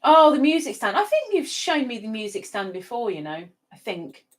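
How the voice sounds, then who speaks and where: A woman's voice: a little high, big pitch swings, normal speed. A middle-aged woman hosting a livestream, casually chatting and reading out viewer comments with giggles. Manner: chatty, giggly, sings playfully. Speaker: livestream host.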